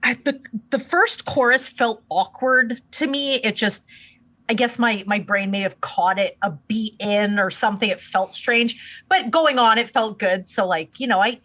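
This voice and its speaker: A woman with a slightly high voice co-hosts a casual album review podcast. She talks hesitantly, restarts her sentences and giggles easily as she gives her opinions. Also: unhurried, a bit bright. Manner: hesitant, giggly, self-correcting. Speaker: podcast co-host.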